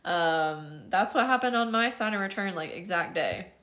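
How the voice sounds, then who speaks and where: A woman's voice: on the low side, expressive, moderate pace, fairly bright tone. An American woman in her thirties, a casual, chatty astrologer answering viewer questions on a livestream and laughing often. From United States.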